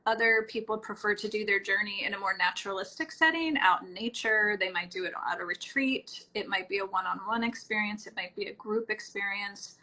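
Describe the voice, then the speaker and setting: A middle-aged woman, a healing practitioner, answering interview questions in a calm, explanatory way, often trailing off softly at phrase ends. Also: medium pitch, brisk, hardly any pauses, rough recording. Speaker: microdosing practitioner, guest.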